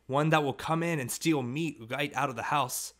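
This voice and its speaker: A man's voice: a little high, fairly even intonation, normal speed, a bit bright, natural voice. A man reading an audiobook, voicing a stubborn, protesting frontier boy.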